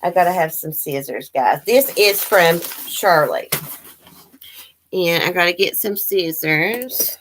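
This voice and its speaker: A woman's voice: lowish voice, takes it slowly, a bit bright, a little hiss or hum, poor audio. A woman chatting casually to her viewers at home, gushing and apologetic. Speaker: vlogger opening mail. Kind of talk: casual chat to camera. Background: dogs barking now and then.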